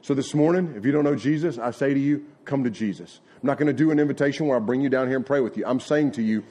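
A middle-aged pastor with a medium-pitched, dark voice delivers a fast sermon in a folksy, conversational style. He shares personal stories and acts out the conversations he retells.

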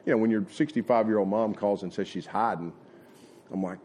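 A man's voice: lowish voice, fairly quick, dark tone, a little hiss or hum. A middle-aged man, preaching a sermon in a folksy, conversational way and acting out retold conversations. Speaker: pastor. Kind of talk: sermon with personal storytelling.

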